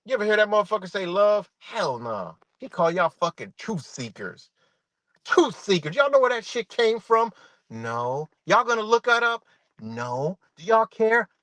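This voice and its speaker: Man, middle-aged, profane livestream rant, animated swings in pitch, dry close sound. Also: moderate pace, no room sound. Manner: animated, swearing, addresses viewers as y'all.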